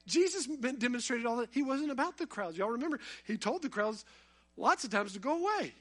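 A man's voice: very high voice, expressive, brisk, a bit bright. A man preaching a sermon, talking conversationally and building to impassioned emphasis.

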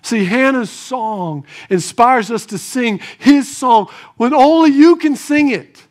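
A man with a strikingly high voice preaches a sermon to his congregation. He swings from quiet, thoughtful asides to raised, emphatic lines, and keeps putting rhetorical questions to the room. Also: slow pace. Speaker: pastor.

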